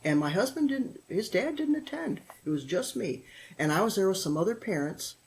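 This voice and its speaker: A middle-aged woman, a guest on a parenting podcast, telling lively stories from her teaching and family life and acting out what people said. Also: medium pitch, moderate pace, rough recording. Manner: animated storyteller who acts out quotes and laughs often. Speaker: guest, author and former teacher. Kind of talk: podcast interview storytelling.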